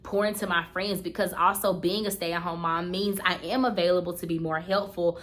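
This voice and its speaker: A woman's voice: lowish voice, steady tone, brisk, fairly bright tone. A woman, talking heartfelt and earnest in a casual vlog, repeating herself for emphasis. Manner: heartfelt, earnest, repeats phrases, gets choked up. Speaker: vlogger.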